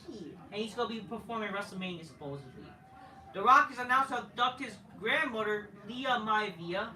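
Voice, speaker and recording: A man tears through a wrestling review in a loose, profane rant, sounding exasperated as he rambles along. His voice is bright and sharp, heard from some distance off a camera mic. The room gives it a strong echo, and a faint hiss sits underneath. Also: sits high, lively intonation, a little fast. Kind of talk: casual ranting review.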